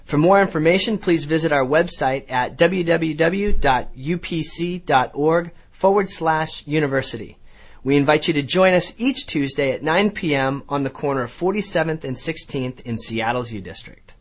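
A man's voice: fairly high pitch, normal speed. A man reading a scripted announcement for a college ministry.

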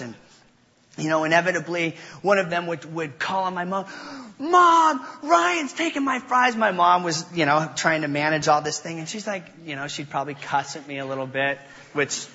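Young guy preaching, jokey storyteller, bright forceful voice, sounds muffled in a big echoey church. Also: on the high side, fairly even intonation. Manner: playful, self-mocking storyteller with quick voice changes. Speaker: pastor. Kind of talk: sermon with personal storytelling. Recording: dull sound in a reverberant hall.

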